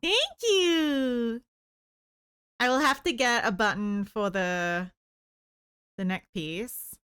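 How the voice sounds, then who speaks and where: A woman's voice: a little high, expressive, takes it slowly, a bit bright, clear, resonant tone, no echo, clean studio sound. A woman live streamer chatting casually while she crochets, playful and giggly, cooing at her pets and viewers.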